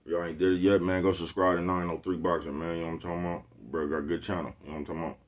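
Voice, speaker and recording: Bay man, very low voice, loose slangy vlog rant, looping back on himself. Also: flat delivery, rapid-fire. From Oakland, California. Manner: slangy, rambling, keeps asking "you know what I'm talking about". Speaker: vlogger. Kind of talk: casual monologue to camera. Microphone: phone with Bluetooth earpiece.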